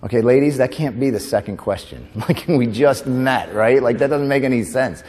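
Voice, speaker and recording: A man from New York doing a stand-up comedy keynote at a conference, animated, tossing in quick asides and laughing at his own jokes. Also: mid-range voice. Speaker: comedian and motivational speaker. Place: conference hall stage. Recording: long hall reverb.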